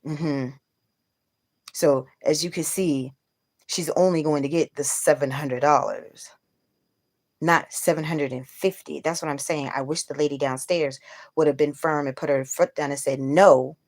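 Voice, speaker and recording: A woman's voice: deep voice, steady tone, a little slow. A woman hosting a casual livestream, venting bluntly to her viewers with plenty of profanity. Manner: talks straight to viewers. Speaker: livestream host.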